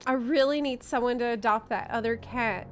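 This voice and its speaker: A woman's voice: on the high side, moderate pace, soft background music. A young adult woman streaming a game, chatting casually and musing aloud, easily delighted. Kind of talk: casual gaming stream chat.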